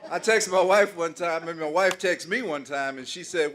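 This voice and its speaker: A man's voice: on the high side, normal speed, fairly bright tone, a faint crowd. An older man doing stand-up comedy, telling folksy stories in a loose way and laughing at his own jokes.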